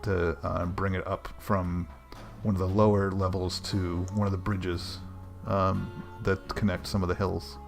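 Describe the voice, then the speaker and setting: Game master, male, lowish voice, halting narration with lots of fillers. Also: level tone, creaky, music in the background. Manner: hesitant, many ums.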